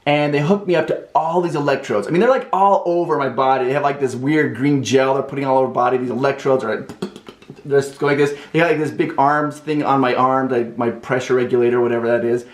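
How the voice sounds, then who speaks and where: A man telling a personal story in a casual, animated way, with lots of "like" fillers. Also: medium pitch, quick pace, reverberant.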